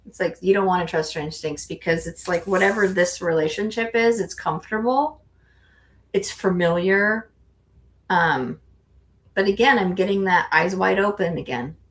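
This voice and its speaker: A woman's voice: fairly low pitch, normal speed. A woman giving a casual tarot reading on a live stream, hesitant and searching for words, with ums and restarts. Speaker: tarot reader, guest co-host.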